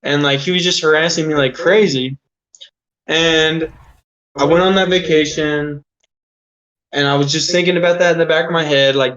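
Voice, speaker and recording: A man in his thirties spins a long, rambling story in an off-the-cuff way, swearing freely and leaning on "like". His voice sits a bit high for a man. The recording sounds dull and lo-fi. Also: steady tone, moderate pace, pauses often, a bit bright. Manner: rambling, swears a lot, many "like" fillers. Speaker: interview guest. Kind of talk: casual storytelling.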